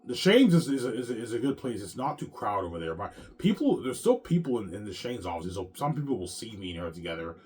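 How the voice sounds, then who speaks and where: A man's voice: on the low side, big pitch swings, fast talker, hardly any pauses, a little mellow. A man talking in a casual, rambling monologue, repeating himself and tagging lines with "man" and "obviously.". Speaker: vlogger.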